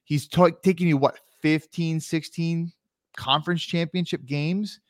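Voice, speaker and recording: A man's voice: a little high, steady tone, measured pace, no room sound, studio quality. A man co-hosting a sports podcast in casual chat, arguing his points at length. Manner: argumentative, explains at length. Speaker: podcast co-host.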